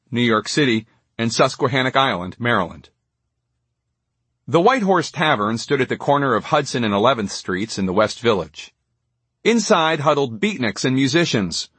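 A man narrating an audiobook in a measured, steady storytelling manner. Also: mid-range voice, breathy edge, no room sound. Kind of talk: scripted narration.

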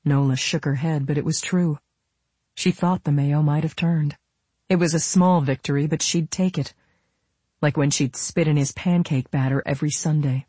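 A narrator reading an audiobook in steady scripted narration. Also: medium pitch, moderate pace, breathy edge, dry recording. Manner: steady storytelling.

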